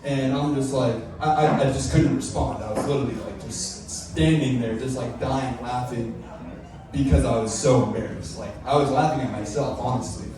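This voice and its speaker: A man's voice: mid-range voice, normal speed, a crowd in the background. A young man doing a stand-up set at an open mic, telling an embarrassing story with loose, profane rambling and many fillers. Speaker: stand-up comedian. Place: small club at an open mic night. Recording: echoey club from far off.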